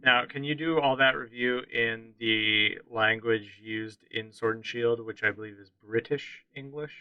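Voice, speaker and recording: A man co-hosting a casual podcast, easygoing and quick to laugh, giving short replies. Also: medium pitch, steady tone, clear, resonant tone, no room sound, highs cut off. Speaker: podcast co-host. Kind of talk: casual chat.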